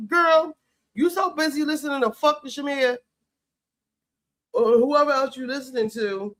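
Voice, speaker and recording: A man's voice: very high voice, moderate pace, pauses often, a bit bright. A man giving sassy, profane, heated commentary on a reality show while cooking in his home kitchen. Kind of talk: casual commentary chat.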